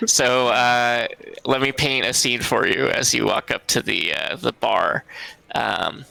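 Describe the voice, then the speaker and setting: Gravelly, slow-talking male game master. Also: medium pitch, bright, forceful tone, no echo, rough recording. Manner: halting, full of fillers. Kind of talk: narrating a tabletop game.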